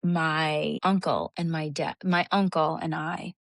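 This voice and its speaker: A woman's voice: deep voice, fairly even intonation, takes it slowly, gravelly, no room sound. A young adult woman co-hosting a podcast, talking in an earnest, reflective way in casual chat. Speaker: podcast co-host.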